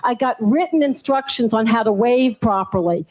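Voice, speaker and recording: A woman's voice: a little high, animated, moderate pace, a little mellow, rough recording. A woman from New Orleans with a Southern accent, performing a stand-up comedy set on a club stage with a handheld mic, punchy and laughing at her own lines. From New Orleans, USA.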